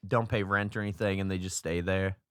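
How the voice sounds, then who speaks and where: A man's voice: low voice, fairly even intonation, fairly quick, a bit bright, smooth, dry recording, clean studio sound. A young man co-hosting a podcast in casual chat, laughing often and retelling quotes with exaggeration. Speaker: podcast co-host.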